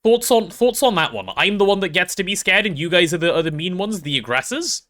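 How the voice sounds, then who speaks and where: A man's voice: sits high, animated, fairly quick, a bit bright. A young man chatting casually while streaming a game, rambling and playful with self-deprecating stories. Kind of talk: casual gaming stream chat.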